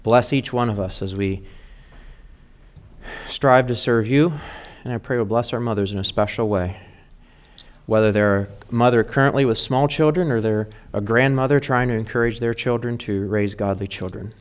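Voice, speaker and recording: A man's voice: medium pitch, normal speed. A man preaching as a pastor, with an earnest and encouraging manner. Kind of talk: sermon.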